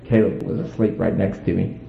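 A man telling a story to an audience in a folksy, animated way, acting out voices. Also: deep voice, a little fast, vocal fry. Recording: echoey tinny phone-like sound.

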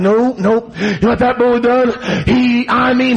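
A man preaching a fiery revival sermon, shouting his refrains with passion. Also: sits high, steady tone, a little fast, creaky, few pauses, husky, muffled recording.

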